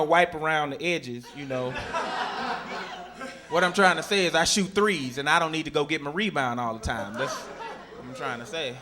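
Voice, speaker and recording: A male stand-up comedian tells his stories on a club stage, his voice sitting high and lively. He flips into shrill, squealing character voices for comic effect. A loud crowd laughs throughout the live recording. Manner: animated storytelling, sudden high-pitched shrieks in acted quotes.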